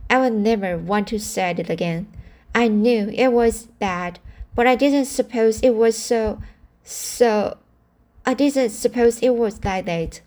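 A woman reading aloud and voicing a small, earnest, mischievous boy who pleads and confesses in a hurried way. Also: on the high side, darkish tone, natural voice.

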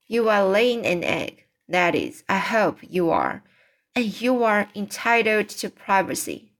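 A woman reading aloud as a proud, indignant male cock swan in a storybook, complaining stiffly at a slow, deliberate pace. His voice sits at a middling pitch and stays close to the reader's own. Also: big pitch swings, a bit bright, exaggerated voice.

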